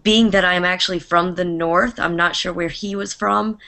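Her pitch sits fairly low, her tone steady and sharp, her pace moderate. On a casual video call, this New England drama teacher offers considered feedback, often pausing on an "um" as she thinks.

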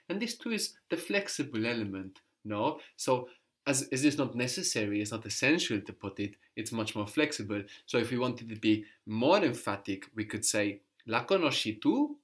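A man teaching a language lesson, patiently prompting a student and repeating her answers. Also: fairly low pitch.

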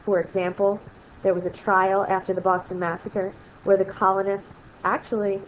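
A woman's voice: medium pitch, flat delivery, normal speed. A woman teaching a history lesson in a recorded screen lecture, chatty and often asking "right?". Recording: slightly dull, faint noise.

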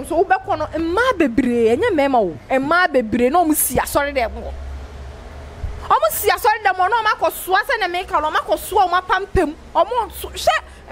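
A woman with a very high voice that leaps up and down as she talks. She speaks emphatically in a street interview and hammers the same phrases again and again. Faint background noise sits under her voice. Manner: emphatic, repeats key phrases. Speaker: church member.

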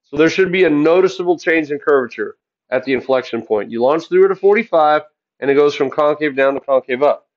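A man's voice: on the high side, lively intonation, a little fast, muffled recording. A man teaching a math class in an upbeat, jokey way, asking the class questions as he works through the graphs. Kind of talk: classroom lesson.

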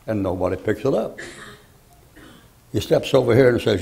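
A man's voice: fairly low pitch, animated, moderate pace, vocal fry, mellow. An older man preaching a folksy, joking sermon, rambling through homespun stories.

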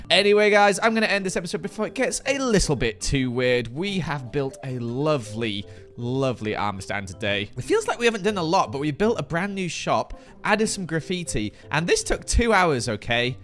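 A man's voice: a little high, sing-song, normal speed, fairly bright tone, faint music behind. A man casually commenting on a building game as he plays, chatty and playful. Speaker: gaming channel host.

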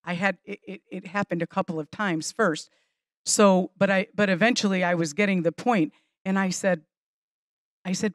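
A woman's voice: medium pitch, steady tone, normal speed, no room sound, clean studio sound. A middle-aged woman pastor teaching mothers in a chatty, earnest way, with restarts and small laughs. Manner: earnest, stresses key points. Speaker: pastor teaching a women's class. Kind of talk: conversational teaching.

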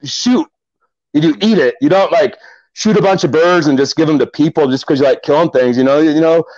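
A man's voice: a little high, a little fast, darkish tone, dry recording, dull audio. A middle-aged man from Omaha, a kayak angler, tells stories casually in a podcast interview, rambling with many fillers and restarts.

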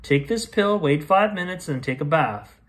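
A man voicing a calm woman doctor in a read-aloud storybook, measured and soothing. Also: on the high side.

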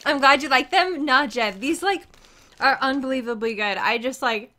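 High-pitched girl streamer gushing, giggly, mouth full, bright voice. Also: moderate pace. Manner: gushing, eating while talking, giggly. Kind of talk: casual live stream chat.

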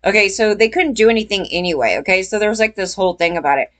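A woman's voice: mid-range voice, lively intonation, quick pace, a bit bright. Profane, rambling woman telling a story. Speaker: vlogger. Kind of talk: casual storytelling rant.

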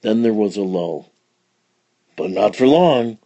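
A man reading a children's storybook aloud with expressive, dramatic storytelling. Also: fairly low pitch, slow pace, dry recording, lo-fi sound. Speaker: storybook reader. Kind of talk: children's read-along narration.

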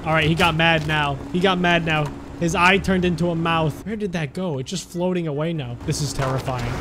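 A young man giving jokey, excited commentary on a sandbox game, crying out at the action. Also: a little high, normal speed, few pauses, a little hiss or hum. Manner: animated, jokey, cries out at on-screen action. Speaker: gaming YouTuber.

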